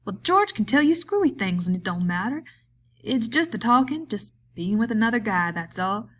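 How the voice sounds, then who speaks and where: A woman voicing a bitter, lonely man who taunts a friend, in a slow, drawling rural way of talking. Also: a little high, very animated, a bit bright, pitched above the performer's own voice. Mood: taunting.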